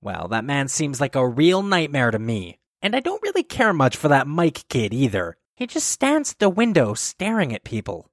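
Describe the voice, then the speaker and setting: Someone playing a fretful, doting mom who worries over her son, in the style of a sitcom sketch. Her pitch swoops widely, and the sound is dry and close to the mic. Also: wildly swooping pitch, normal speed, hardly any pauses, no room sound. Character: fussy overprotective suburban mom.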